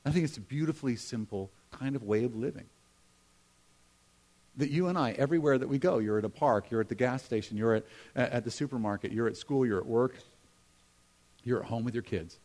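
A middle-aged man preaching a sermon in a conversational way, with humorous asides, moving between emphatic lines and hushed ones. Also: medium pitch, normal speed, pauses often. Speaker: pastor.

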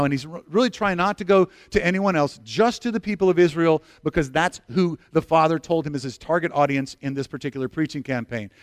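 A middle-aged pastor with a fairly high voice preaches a sermon, telling stories animatedly and acting out the quotes. He often restarts and repeats words. The recording is dry and studio quality.

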